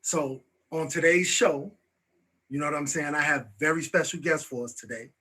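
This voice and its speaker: Bright, husky-voiced male talk show host. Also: fairly high pitch, normal speed. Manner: loose, repeats "you know what I'm saying". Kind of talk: casual talk-show hosting.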